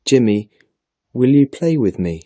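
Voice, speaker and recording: A man's voice: medium pitch, very animated, a little slow, warm tone, dry recording, clean studio sound, pitched above the performer's own voice. Man putting on a small curious girl. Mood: plaintive. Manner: pleading, childlike questions. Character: timid curious little girl.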